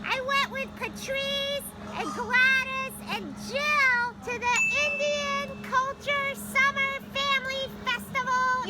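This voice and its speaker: A man voicing a chipper male groundhog puppet who gushes giddily over his hero. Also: very high voice. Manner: gushing and giddy. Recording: loud background noise with traffic.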